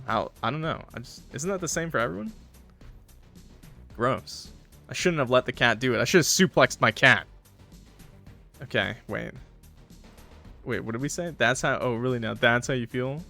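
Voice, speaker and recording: A man's voice: medium pitch, expressive, moderate pace, gravelly, long pauses, pushed and bright, soft background music. A man commenting casually on a game he is playing, rambling and interrupting himself. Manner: chatty, rambling, self-interrupting. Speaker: streamer.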